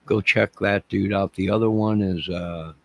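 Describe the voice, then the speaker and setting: A man's voice: low voice, steady tone, moderate pace, vocal fry. A middle-aged man hosting a livestream, talking in an emotional, repetitive way and addressing his chat. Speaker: channel host. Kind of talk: rambling livestream talk.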